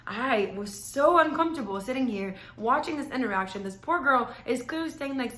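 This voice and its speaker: A woman's voice: on the high side, fairly quick, few pauses, pushed and bright. A young woman hosting a podcast, telling a story in a rambling, chatty way and saying "like" a lot. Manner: chatty, rambling, heavy use of "like". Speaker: podcast host. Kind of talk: casual storytelling. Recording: roomy echo.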